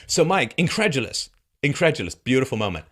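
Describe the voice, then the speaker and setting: A man's voice: mid-range voice, very animated, brisk, fairly bright tone. A man delivering a political commentary monologue, mocking and sarcastic, firing off heated rhetorical questions. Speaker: commentary host.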